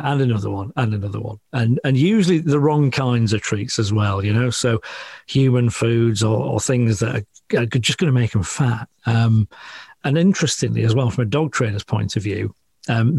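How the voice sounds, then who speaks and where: A man's voice: mid-range voice, gravelly, a little mellow, slightly rough, dry recording. A man, a dog trainer chatting in an interview, explaining things casually and laughing often.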